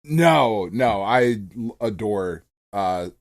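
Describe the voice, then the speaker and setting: A man's voice: on the low side, expressive, extremely slow. A middle-aged man co-hosting a podcast, chatting casually and swearing freely. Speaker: podcast co-host. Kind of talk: casual chat.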